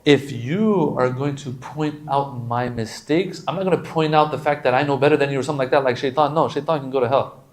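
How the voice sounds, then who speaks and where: A religious lecturer with a medium-pitched voice gives a casual, animated sermon to a gathering. He jokes at times and quickly recites Arabic supplications before explaining them.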